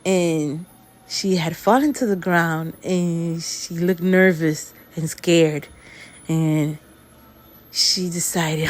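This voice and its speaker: Slow, low-voiced woman telling a scary story. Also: fairly even intonation. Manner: rambling, unhurried, lots of fillers like "he goes". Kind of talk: casual spoken scary story.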